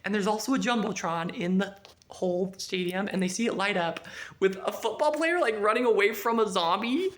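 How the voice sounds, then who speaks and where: A woman with a medium-pitched, brisk voice casually reviews a book. She retells the plot in a rambling, animated way, saying "like" a lot.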